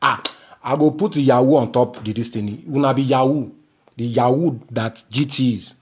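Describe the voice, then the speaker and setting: A man's voice: mid-range voice, normal speed, breathy edge. A Nigerian man hosting his own podcast, giving an indignant solo rant that slips into Pidgin. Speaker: podcast host.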